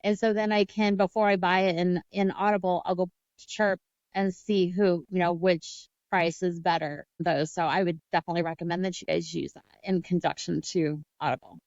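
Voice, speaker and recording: A woman co-host talks in a relaxed, conversational way at a middle pitch. The sound is dry and a little dull and lo-fi. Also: normal speed, no room sound. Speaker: podcast co-host. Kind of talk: casual interview chat.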